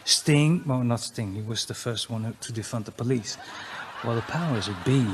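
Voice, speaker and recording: A man with a Dutch accent doing a crude, mocking stand-up routine, often jumping into loud, high exclamations. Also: normal speed, noisy background. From Netherlands. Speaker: comedian.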